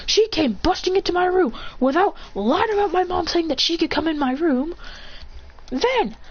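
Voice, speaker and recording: A woman voicing a hot-tempered young male ninja in a shouting rant, stumbling over words, on a slightly muffled recording. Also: mid-range voice, slow, husky. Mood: furious. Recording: slightly muffled, faint hiss.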